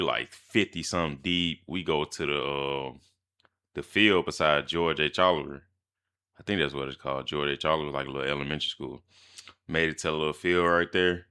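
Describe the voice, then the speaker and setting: Very deep-voiced man telling a story. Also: fairly quick, clear, resonant tone. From Mississippi, US. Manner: slangy, animated storytelling with laughs. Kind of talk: storytime vlog.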